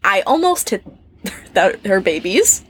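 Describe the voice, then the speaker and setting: A woman with an American accent, chatting casually as a podcast co-host in a camping trailer, animated, laughing often and acting out little quotes. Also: medium pitch, slow pace, a little hiss or hum. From United States. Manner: animated and laughing, tells stories with mock quotes. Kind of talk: casual chat.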